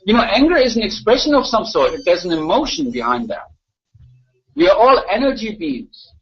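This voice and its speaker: A man's voice: high-pitched, very animated, normal speed. A man ranting argumentatively in a live voice chat room, repeating himself and mocking others. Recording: dull lo-fi voice chat audio.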